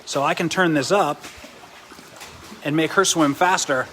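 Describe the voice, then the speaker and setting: A man's voice: a little high, unhurried, pushed and bright, slight background noise. A man hosting a live product demo beside a swim spa, chatty, explaining as he goes with restarts. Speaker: host and triathlon coach.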